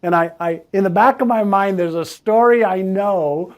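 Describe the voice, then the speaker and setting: A man hosting a casual interview, speaking calmly and reflectively, with a few hesitant restarts. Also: high voice, normal speed. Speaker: host.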